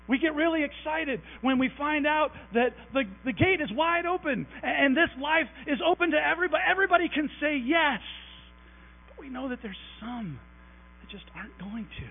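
A man preaching a conversational, animated sermon in a church sanctuary, joking with the congregation as he goes. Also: high-pitched, normal speed. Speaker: pastor. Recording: tinny phone-like recording with mains hum.

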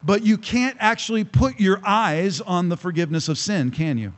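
High-voiced pastor preaching emphatically. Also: male voice. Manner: emphatic, slows on key phrases. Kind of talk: sermon. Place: church hall with congregation.

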